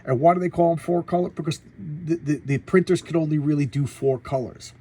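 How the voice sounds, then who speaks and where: A man's voice: a little high, a little fast, warm tone, husky, poor audio. A man hosting his own comic review video, talking casually and sarcastically, with many restarts and asides. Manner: sarcastic, rambling, full of restarts. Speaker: comic book video host.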